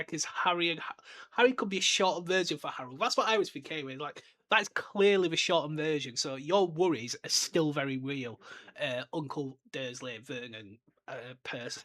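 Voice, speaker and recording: An enthusiastic young man hosts his solo podcast, chatting casually and drifting off on tangents. His voice sits a little high and sounds bright and sharp. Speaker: podcast host.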